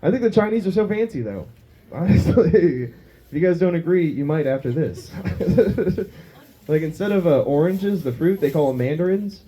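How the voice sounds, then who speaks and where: A man's voice: fairly high pitch, lively intonation, moderate pace, dark tone. A man doing a crude, self-mocking stand-up set on a small pub stage, laughing at his own jokes. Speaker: stand-up comedian.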